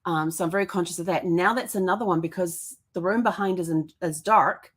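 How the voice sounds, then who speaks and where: A woman's voice: fairly low pitch, brisk. A woman hosting a live-streamed podcast from her home, telling stories in a chatty, upbeat way into a webcam mic. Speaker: podcast host. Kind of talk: casual live-streamed monologue. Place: indoors at home.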